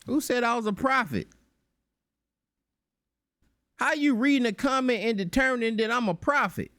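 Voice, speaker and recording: A man hosting a reaction commentary, animated and mocking, breaking into voices to make his points. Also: very high voice, brisk, dry recording. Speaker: channel host.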